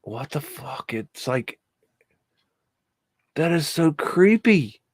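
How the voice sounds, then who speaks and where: A man's voice: on the high side, sing-song, slow pace, slightly rough, dry recording. Guy hosting a live stream, rambly and jumpy, mutters and cusses, dry close sound. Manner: rambling, hesitant, easily spooked; swearing, muttered exclamations. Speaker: livestream host. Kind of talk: live commentary on archive photos.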